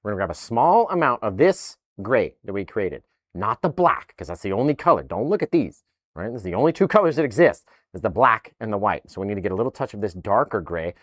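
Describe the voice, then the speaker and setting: A man teaching a live painting tutorial in an upbeat, animated way, often tagging his lines with "right?". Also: lowish voice, fast, dry recording, clean studio sound. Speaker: painting instructor.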